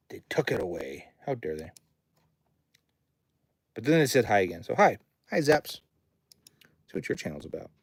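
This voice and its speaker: A man who runs a recording studio chats casually on a livestream from his home studio, rambling and reading viewer comments aloud. His voice is medium-pitched and husky.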